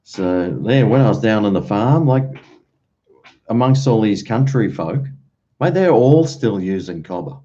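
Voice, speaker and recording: Australian male streamer, low mellow voice, chatty rambler, muffled home recording. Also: expressive, unhurried. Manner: rambling, chatty, uses slang and mate. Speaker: livestream host. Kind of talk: casual chat with live viewers. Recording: dull lo-fi stream audio.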